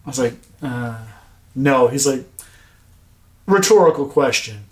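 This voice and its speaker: A man telling a story in casual podcast chat, animated, acting out dialogue and swearing often. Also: mid-range voice, measured pace. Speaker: podcast co-host. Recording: echoey room.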